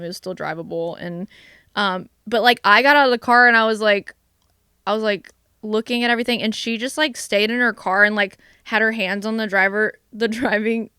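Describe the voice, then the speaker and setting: A young woman co-hosting a casual podcast, telling animated, swear-filled stories full of "like"s. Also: medium pitch, smooth, no echo, studio quality. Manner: animated, profane storytelling with many "like"s. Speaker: vlogcast co-host. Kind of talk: casual chat.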